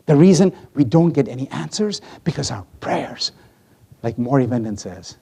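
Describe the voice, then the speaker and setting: A male pastor preaching a sermon, swinging from hushed asides to loud acted-out lines. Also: medium pitch, moderate pace, vocal fry, slightly rough. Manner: animated, swings from hushed to loud, acts out voices.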